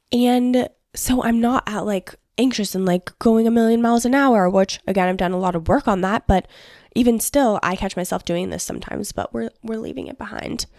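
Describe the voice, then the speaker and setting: Young woman host, chatty self-help monologue, mid-pitched, close dry mic. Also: darkish tone, no echo. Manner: chatty, upbeat, frequent "like" and "okay?". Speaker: podcast host.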